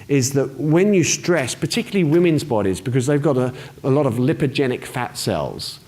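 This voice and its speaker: A man's voice: medium pitch, darkish tone. A man giving casual explanatory health advice to camera, chatty, with frequent restarts and check-in questions. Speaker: wellness presenter.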